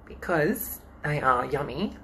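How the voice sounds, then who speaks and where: A man's voice: a little high, big pitch swings, takes it slowly, pushed and bright, slight background noise. A man with an Australian accent reading children's books aloud as a drag queen during a live-streamed storytime from home into a phone, chatting in a playful, campy way between pages.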